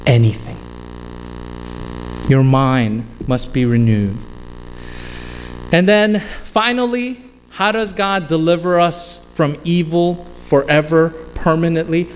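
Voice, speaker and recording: Man, pastor, sermon, fairly high voice, emphatic rising and falling cadence, long hall reverb. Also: darkish tone, a little hiss or hum.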